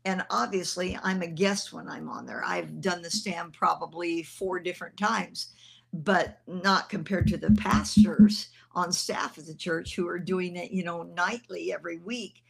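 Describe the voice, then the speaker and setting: Older woman, minister, earnest testimony, gravelly voice, husky edge. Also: fairly low pitch, fairly even intonation, a little slow. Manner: conversational and earnest, with fillers. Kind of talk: testimony storytelling.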